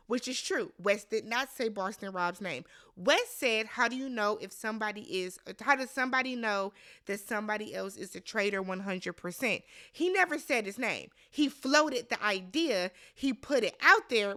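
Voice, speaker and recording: A woman hosts a casual vlog recapping and reviewing a reality show, blunt and exasperated, swearing freely, asking rhetorical questions, and addressing the show's people directly. Her voice is on the high side, bright and forceful, with lively intonation at a moderate pace.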